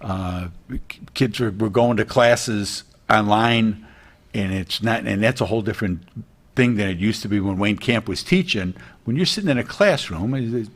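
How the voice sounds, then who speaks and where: A middle-aged man speaks in a fairly low voice on a morning TV show. He rambles earnestly, starting sentences over and over, like a realtor guest chatting casually. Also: moderate pace. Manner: rambling, earnest, many restarts. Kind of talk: casual TV interview chat.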